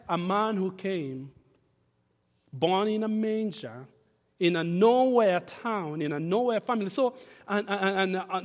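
A man preaching a sermon to a congregation, emphatic and repetitive, leaning on key phrases and inviting the listeners to read along. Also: high-pitched. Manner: emphatic, repeats phrases, varies loudness for stress. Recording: reverberant hall.

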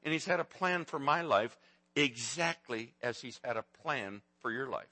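Bright-voiced preacher in his sixties. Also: mid-range voice, lively intonation, normal speed, no echo. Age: 60s. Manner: folksy storytelling preacher, joking with the congregation. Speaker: pastor. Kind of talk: sermon.

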